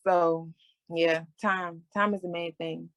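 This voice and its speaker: A young woman talking frankly in a relaxed podcast chat. Her voice sits low with a gravelly, fry-tinged edge. The sound is dry and close, with no room echo. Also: slow pace. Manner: candid, conversational, with laughs. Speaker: podcast host. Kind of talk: casual chat.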